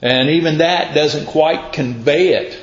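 A man's voice: on the high side, measured pace. A man preaching a conversational sermon, folksy and casual, acting out scripture in everyday speech. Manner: casual, folksy, acts out scripture in plain talk. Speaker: pastor. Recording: roomy, dull sound.

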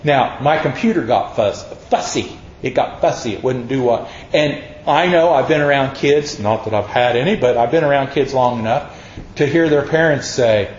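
A man's voice: medium pitch, moderate pace, darkish tone, slight background noise. A man preaching a folksy, conversational sermon, telling homey stories and acting out the voices of the people in them. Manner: homey storytelling, acts out quoted voices. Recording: roomy, dull lo-fi recording.

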